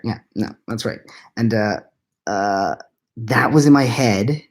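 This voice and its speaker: A tired man, likely in his thirties, answering live chat questions into a laptop at home at night, keeping his voice hushed and rambling with quiet self-mocking laughs. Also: medium pitch, a little slow, pauses often. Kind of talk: late-night live chat Q&A, half-whispered. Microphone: laptop mic.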